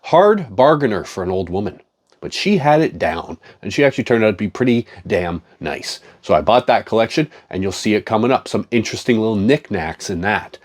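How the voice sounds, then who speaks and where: A man's voice: on the low side, lively intonation, a little fast. A man in a profane, joking, rambling casual chat, talking as a comic collector.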